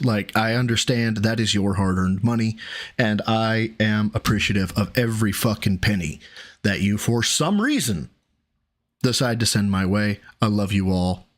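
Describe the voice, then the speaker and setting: A man's voice: fairly low pitch, a bit bright. A man co-hosting a livestream, ranting and teasing in a profane, exasperated way. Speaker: co-host. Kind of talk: casual livestream banter.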